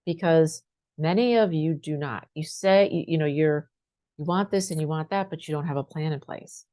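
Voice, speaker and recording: Woman, low voice, life coach, motivational talk, conversational, asks questions. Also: normal speed, warm tone. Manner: acts out clients' complaints. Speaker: life coach and spiritual teacher. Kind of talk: direct-to-camera motivational talk.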